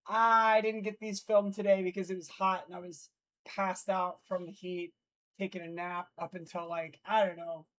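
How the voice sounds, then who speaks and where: A drowsy livestream host who sounds like they just woke up, mixing casual chat with viewers and news read-outs. They stumble and restart sentences when they slip. The voice sits at an average pitch and comes through a noise-cancelled streaming mic. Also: level tone, moderate pace, fairly bright tone. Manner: groggy, restarts lines after slips. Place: indoor streaming setup in Los Angeles.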